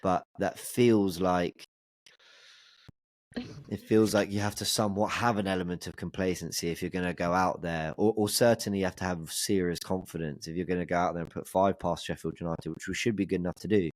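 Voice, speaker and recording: A man's voice: deep voice, fairly even intonation, brisk, no room sound. A man guesting on a football podcast, chatting casually with wry, sarcastic asides.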